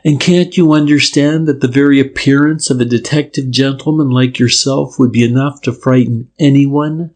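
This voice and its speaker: A man's voice: on the high side, animated, normal speed, few pauses, a little mellow, voice pushed up. A man voicing a frightened young woman with a slight Irish lilt, tremulous and defensive.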